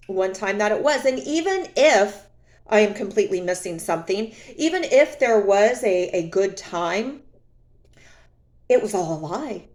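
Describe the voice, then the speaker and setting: Candid woman vlogger, higher voice. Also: a little mellow. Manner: candid, repeats phrases for emphasis; speaks from her own experience. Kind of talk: personal reflective monologue.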